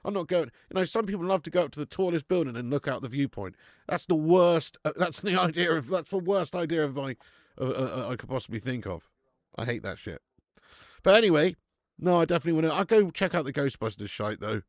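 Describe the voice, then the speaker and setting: A man hosting a live football watch-along, chatting in a sweary, jokey way and breaking into excited commentary. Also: a little high, quick pace, no room sound, studio quality. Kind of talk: live match commentary and chat.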